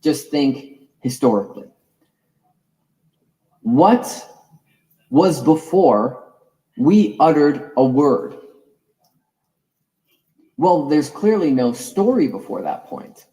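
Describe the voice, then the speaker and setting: Slow, mellow-voiced man lecturing. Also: a little high, big pitch swings, low-quality recording. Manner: musing, digressive, dwells on word roots. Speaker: course lecturer. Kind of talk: reflective spoken lecture.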